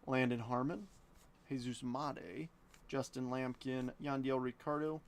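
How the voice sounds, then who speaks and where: A man's voice: medium pitch, steady tone, a little slow. A man hosting a live card-break stream from his basement, rattling off player names between jokey asides.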